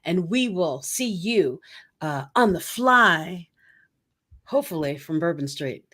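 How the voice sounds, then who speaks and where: A woman's voice: on the low side, lively intonation, slow, fairly bright tone. A woman co-hosting a podcast in casual chat, upbeat and chatty as she promotes events and signs off. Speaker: podcast co-host.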